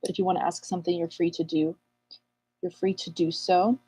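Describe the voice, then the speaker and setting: A woman's voice: lowish voice, little pitch movement, a little fast, mellow, breathy edge. A woman astrologer hosting a live Q&A, chatting playfully and calling out viewers' names while getting over an illness. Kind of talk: casual livestream chat.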